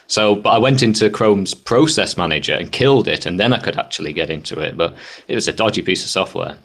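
A man co-hosting a casual tech podcast, telling anecdotes in a quick, chatty way. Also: deep voice, a bit bright. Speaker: podcast co-host.

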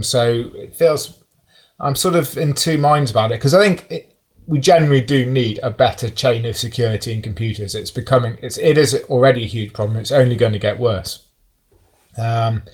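Male podcast host, casual tech talk, thinks aloud with lots of ums. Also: medium pitch. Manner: thoughtful, hesitant with many ums.

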